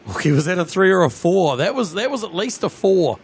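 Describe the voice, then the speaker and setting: A man with a New Zealand accent, hosting a live plane-spotting stream, chatty and excitable as he talks to his viewers outdoors at an airport. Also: sits high, a little fast, husky.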